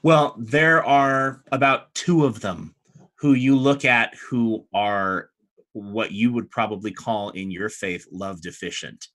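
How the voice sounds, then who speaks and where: A man narrating as game master of a tabletop game, chatty and relaxed, with frequent fillers. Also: fairly low pitch, takes it slowly.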